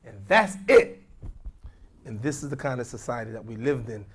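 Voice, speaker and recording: A man's voice: medium pitch, moderate pace, pauses often. A man teaching a class as an imam, questioning the audience and repeating points for emphasis. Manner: animated, questioning, repetitive emphasis.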